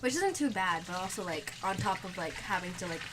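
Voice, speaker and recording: A young woman starting university, chatting in her basement, rambling and saying "like" often, trailing off softly. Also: lowish voice, lively intonation, a little fast, background noise. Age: young adult. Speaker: podcast guest. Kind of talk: casual chat.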